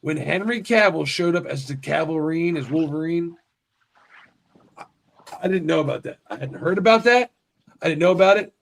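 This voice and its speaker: A man hosting a casual stream talks in a rough, gravelly voice that sits a little high for a man. He gets excited easily, swears freely and trips over his own restarts. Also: moderate pace, long pauses. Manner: profane and excitable, heavy restarts. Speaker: livestream host. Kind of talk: casual chat.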